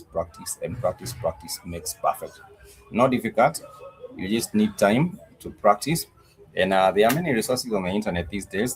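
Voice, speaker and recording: A man teaching a live-streamed language class, talking slowly, repeating words and spelling them out letter by letter, with frequent "uh" pauses. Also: fairly low pitch, poor audio. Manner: frequent "uh" fillers. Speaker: Swahili teacher.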